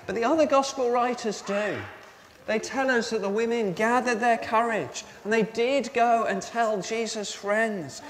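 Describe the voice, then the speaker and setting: A man's voice: extremely high pitch, steady tone, a little slow. A male pastor giving an Easter sermon to all ages. He asks the congregation questions and repeats their answers back to them. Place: church. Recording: reverberant church with faint noise.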